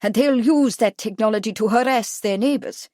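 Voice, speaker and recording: A woman reading the lines of an emphatic, pipe-smoking English gentleman. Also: on the high side, normal speed, dry recording, clean studio sound, natural voice. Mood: exclaiming. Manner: emphatic, exclaiming.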